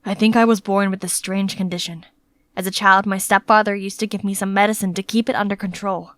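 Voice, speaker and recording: A woman voicing a moody, reclusive young man who gives curt, commanding orders in an animated story. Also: medium pitch, fairly quick, dry recording, pitched below the performer's own voice, lightly acted. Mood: subdued. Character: moody reclusive young male master, stern and short-tempered.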